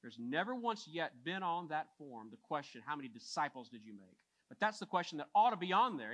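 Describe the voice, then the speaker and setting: A man preaching a sermon as pastor, moving from hushed lines to emphatic ones and repeating phrases for emphasis. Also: fairly high pitch, big pitch swings, a little fast, hardly any pauses.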